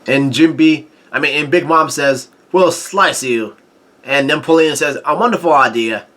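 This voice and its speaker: A fierce, cake-obsessed pirate empress from a comic makes threats, as a man reads her lines. The delivery is halting and plain, and the voice is bright. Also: on the high side, close to an everyday voice. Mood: menacing. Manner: halting reading with restarts.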